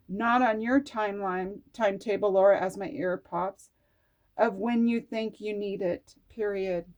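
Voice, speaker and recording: Unhurried, a middle-aged woman works through her oracle cards, reading their words aloud and chatting to herself between them. Her tone is earnest and candid, with the odd casual curse. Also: mid-range voice, animated, darkish tone. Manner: chatty, talks to herself while reading card texts aloud. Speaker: oracle card reader. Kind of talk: casual spiritual card-reading vlog.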